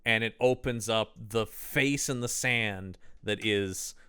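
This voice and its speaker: A man co-hosting a podcast who chats casually about a film in an animated, rambling, enthusiastic way. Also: fairly low pitch, takes it slowly, smooth. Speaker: podcast co-host. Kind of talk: casual film-discussion chat.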